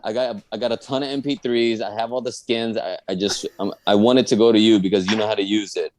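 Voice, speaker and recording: A man's voice: lowish voice, fast. A man from the Dallas area telling a comic personal story on a podcast, acting out his friends' voices. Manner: animated, acts out friends' voices. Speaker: guest comedian telling a story.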